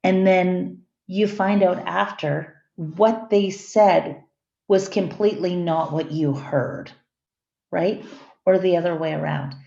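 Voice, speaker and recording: A woman's voice: fairly low pitch, steady tone, takes it slowly, creaky, warm tone. Woman lecturing in an echoey classroom. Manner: conversational, checks in with the class. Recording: echoey, dull lo-fi room recording.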